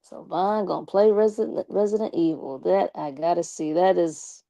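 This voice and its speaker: A woman's voice: fairly low pitch, normal speed, gravelly, mellow, no room sound. A young woman live streaming and chatting casually with her viewers, slangy and talkative, with a slight lisp from her braces. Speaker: live streamer talking to chat.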